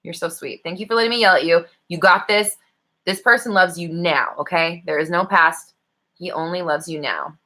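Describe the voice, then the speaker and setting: A woman's voice: on the low side, normal speed, pushed and bright. A young woman hosting a casual live stream, reading viewer comments aloud and coaching them with playful scolding and frequent laughs. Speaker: host of a live manifesting stream.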